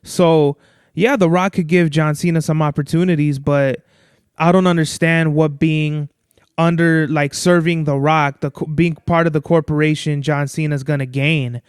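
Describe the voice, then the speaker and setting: Young dude rambling on his podcast, cussing a lot, smooth voice, dead dry sound. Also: on the high side, steady tone, moderate pace, dry recording. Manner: rambling, loose and profane. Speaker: podcast host. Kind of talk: casual solo podcast talk.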